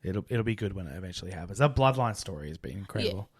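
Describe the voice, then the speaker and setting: A young Australian man co-hosting a podcast, talking in a relaxed, chatty way about sport. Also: deep voice, very fast, breathy edge. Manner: relaxed, chatty wrestling fan talk. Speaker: podcast co-host. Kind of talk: casual chat.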